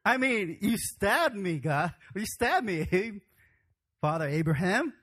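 Male pastor voicing young Isaac, high-pitched and loud, comically indignant. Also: sing-song, slow, exaggerated voice. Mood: comic outrage. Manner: exaggerated, comic complaining.

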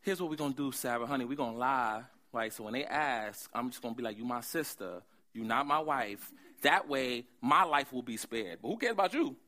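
A man voicing Abraham as a brash, slangy husband, boisterous and loud. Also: medium pitch, animated, brisk, pitched below the performer's own voice.

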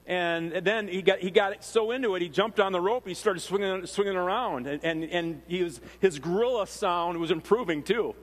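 Minnesotan pastor preaching in a reverberant hall. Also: male voice, high-pitched, moderate pace, few pauses. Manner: conversational, animated storytelling with frequent fillers and restarts. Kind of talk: sermon. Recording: long reverb of a large hall.

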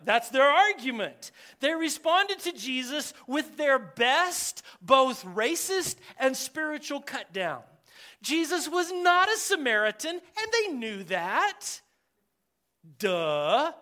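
A male pastor teaching verse by verse in a church sanctuary, his voice high and bright. He takes his time, leaning on words for emphasis and tossing in jokes to the congregation. The delivery swings from punchy to hushed asides. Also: takes it slowly. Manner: animated, joking, emphatic, talks to the congregation. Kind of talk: verse-by-verse sermon.

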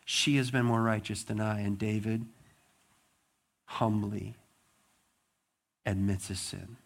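A man preaching a sermon, retelling a story with animated, acted-out dialogue. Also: mid-range voice, takes it slowly, pauses often. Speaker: pastor.

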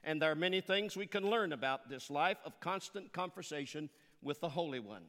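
A man's voice: high-pitched, a bit bright. Older preacher man in a reverberant hall. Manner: earnest preaching with dramatic pauses and self-corrections. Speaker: pastor. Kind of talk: sermon.

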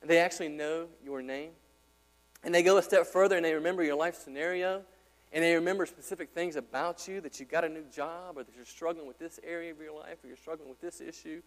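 In a church sanctuary, a male pastor with a deep voice preaches conversationally, putting questions to his congregation at a quick pace with fairly even intonation. The recording carries hall reverb and a mains hum.

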